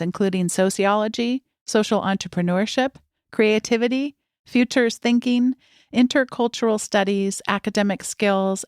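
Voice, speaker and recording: A woman's voice: mid-range voice, clean tone, no room sound, studio quality. A woman hosting a podcast interview who reads a guest introduction and chats playfully. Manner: playful and jokey in chat, steady when reading the intro. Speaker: podcast host.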